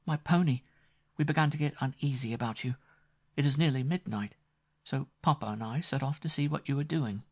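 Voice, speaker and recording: A man's voice: medium pitch, a little fast, a little mellow, voice pushed up, close to an everyday voice. A man voicing a spirited young woman who teases playfully. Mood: gentle teasing. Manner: playful, arch teasing. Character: teasing spirited young woman, gentle and arch.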